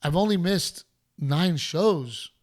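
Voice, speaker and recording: A middle-aged man hosting a podcast, telling a story in a casual, animated way and acting out other people's voices. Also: fairly high pitch, takes it slowly. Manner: animated, acts out heckler voices. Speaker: podcast host.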